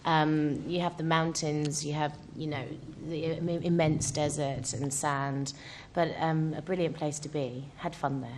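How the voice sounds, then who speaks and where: A woman's voice: sits low, steady tone, measured pace, background noise. A woman answering at a press conference in a bubbly, giggly way. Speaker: film actress on a press panel.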